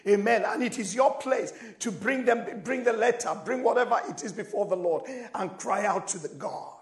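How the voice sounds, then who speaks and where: A man preaching a sermon, moving from quiet asides to sudden shouted prayers and dramatic voicing of scripture. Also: high-pitched, normal speed, creaky, echoey room. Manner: switches between loud exclamations and quiet, intimate asides. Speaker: pastor.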